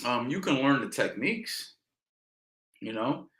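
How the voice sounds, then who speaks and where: A man coaching boxing in a casual question-and-answer session, talking in a relaxed way and often adding "you know" and "man". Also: medium pitch, measured pace, reverberant, poor audio. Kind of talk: casual Q&A instruction.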